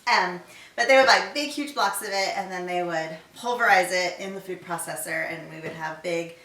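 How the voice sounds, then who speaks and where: Chatting away in her home kitchen, a middle-aged woman chef talks herself through every step of a casual cooking video. Her lowish voice is pushed and bright at a moderate pace. She's picked up from a distance in an echoey space, with dishes clattering and cutlery, pots and pans clinking behind her.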